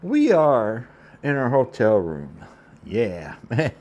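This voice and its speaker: A man's voice: medium pitch, wildly swooping pitch, slow pace, dull audio, noisy background. A truck driver telling a casual vlog story from a hotel room. He talks in an easygoing, rambling way and often drops in "man".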